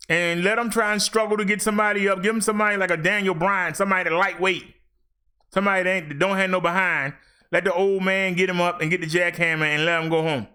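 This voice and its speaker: A middle-aged man hosting a wrestling review show, ranting in a blunt, animated, trash-talking way. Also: high-pitched.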